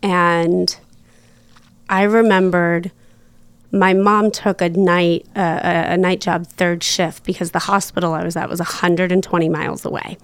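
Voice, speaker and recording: A woman guest in a casual interview, chatty and quick to laugh, full of fillers. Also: on the low side, level tone, clean tone, no room sound. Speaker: podcast guest.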